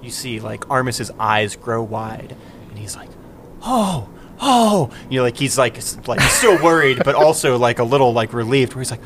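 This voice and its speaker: A man's voice: medium pitch, steady tone, fairly quick, hardly any pauses, background noise. A man playing a tabletop game, chatting as he describes his character's reactions. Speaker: player. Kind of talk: casual tabletop play.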